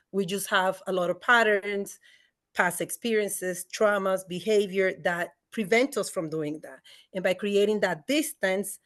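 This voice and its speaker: A woman panelist on a video call who explains her ideas in an earnest, reflective way. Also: medium pitch. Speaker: panelist, coach. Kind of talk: webinar panel discussion.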